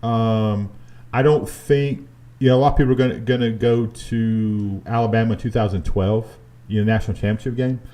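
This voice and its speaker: A man's voice: on the low side, normal speed. A man co-hosting a casual sports talk show in a studio, ranting and joking about college football. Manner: ranting, animated, jokey.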